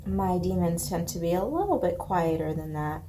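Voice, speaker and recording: A woman's voice: on the low side, animated, moderate pace, dark tone, slight background noise. A woman casually chatting at home as she colors on camera, playful and chatty. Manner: chatty and playful, baby-talks to her pet. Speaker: coloring video creator. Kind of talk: casual chat while coloring. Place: home room.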